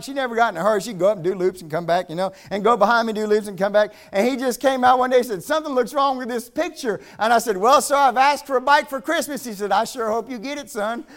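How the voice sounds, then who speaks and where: A middle-aged man preaching a revival sermon, moving between folksy storytelling and emphatic preaching. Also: high-pitched.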